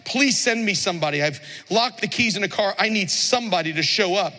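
A devout grandmother in her late seventies, voiced by a preacher telling her story, earnest and heartfelt in prayer. The voice is high and bright, and it carries a long hall reverb. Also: expressive, fairly quick. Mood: pleading.

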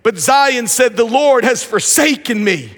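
High-voiced, shouting male preacher. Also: expressive, measured pace, in a large hall. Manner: builds to shouted emphasis, repetitive preaching cadence. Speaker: pastor. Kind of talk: sermon. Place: church sanctuary.

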